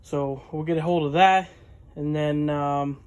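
Sometimes out of breath, a man narrates casually while working on a vehicle in his home garage, rambling and filler-heavy as he wrenches. This garage vlogger's voice is fairly high, smooth and a little slow, with fairly even intonation.

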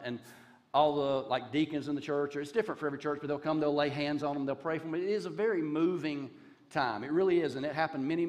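A man as guest pastor, preaching a sermon in a conversational way, trailing off and restarting his sentences. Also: mid-range voice.

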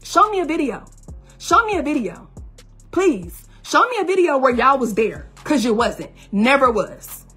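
A woman's voice: high-pitched, big pitch swings, a little slow, fairly bright tone, soft background music. Woman ranting angrily on a livestream. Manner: confrontational, repetitive, profane. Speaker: person speaking on a livestream. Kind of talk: angry livestream rant.

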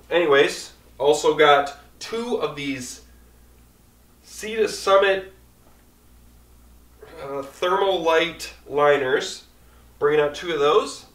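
A man's voice: fairly high pitch, slow, pauses often, a bit bright, reverberant, distant mic. A man casually rambling through his camping gear in an easygoing, chatty way as an outdoor vlogger.

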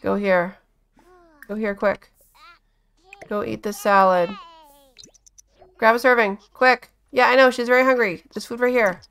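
A woman giving casual let's-play commentary, chatty and bossing her game characters around with quick exclamations. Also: on the high side, steady tone, fairly bright tone, clean tone. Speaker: gaming channel host.

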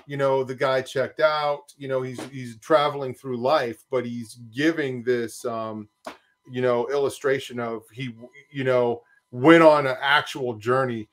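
A man's voice: medium pitch, fairly even intonation, unhurried. A man co-hosting a casual reaction podcast, rambling with lots of fillers as he talks. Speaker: podcast co-host.

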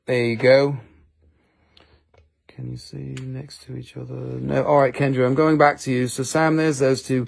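Gravelly, teasing man. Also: a little high, darkish tone. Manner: teasing, joking banter with viewers. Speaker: live stream seller. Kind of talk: live selling stream chat.

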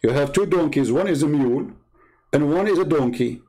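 A man's voice: on the high side, expressive, fairly quick, dark tone, rough recording. A man hosting a live broadcast, ranting about politics in a blunt, mocking way with broken non-native grammar. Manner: mocking, blunt, name-calling. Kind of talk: political rant on a live stream.

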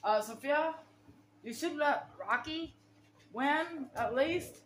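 A woman's voice: high voice, takes it slowly, reverberant, a little hiss or hum. A woman filming her dogs at home, coaxing and scolding them between commands. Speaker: dog owner filming her pets. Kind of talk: casual home vlog narration. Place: home, near a kitchen.

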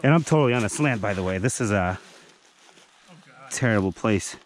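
A man's voice: on the low side, animated, normal speed. A man hosting a casual camping vlog in a forest, teasing his friends and talking in a rambling, joking way. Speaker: vlogger. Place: outdoors in a forest campsite.

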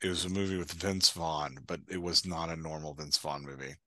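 Bright-voiced man musing halting on a podcast. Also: extremely low pitch, steady tone, dry recording. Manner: thoughtful, halting, with many restarts and fillers. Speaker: podcast co-host. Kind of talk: casual chat.

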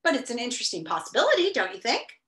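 A woman's voice: fairly high pitch, huge pitch swings, fast talker, fairly bright tone. A woman voicing an odd, breezy boy who muses in a matter-of-fact way, in a roomy echo. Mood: musing.

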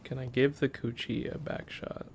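A man's voice: mid-range voice, level tone, normal speed, vocal fry, a little hiss or hum. A young man streaming a game, reacting with profane jokes and sudden yelps. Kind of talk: gameplay commentary.

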